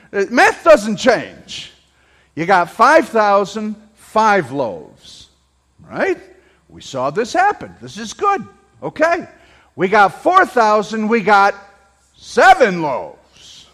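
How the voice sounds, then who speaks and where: A male pastor delivering a sermon, asking the congregation rhetorical questions and raising his voice near a shout at peaks. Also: high voice. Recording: long hall reverb.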